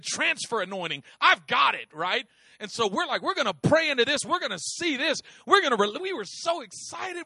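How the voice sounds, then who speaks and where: A middle-aged man preaching, telling a story with lively acted-out voices and frequent laughter. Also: high voice, husky, no room sound, clean studio sound. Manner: animated, acts out voices, laughs often. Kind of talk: sermon storytelling.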